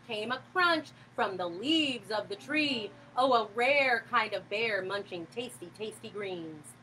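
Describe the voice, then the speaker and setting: A woman reading a picture book aloud to a child, animated and expressive, with sound effects. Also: mid-range voice, unhurried, few pauses, a little hiss or hum, low-quality recording.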